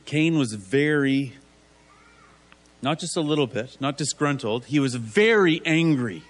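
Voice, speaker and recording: A man's voice: mid-range voice, expressive, a little slow. A man preaching a conversational sermon, asking rhetorical tag questions and acting out biblical figures in casual voices.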